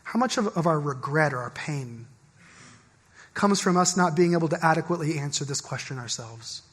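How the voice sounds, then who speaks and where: A man's voice: fairly high pitch, animated, moderate pace, a bit bright, husky, long reverb tail. A man preaching a sermon as pastor, speaking conversationally and often stopping to ask the congregation questions. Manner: conversational, repeats words and asks the congregation questions. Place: church sanctuary.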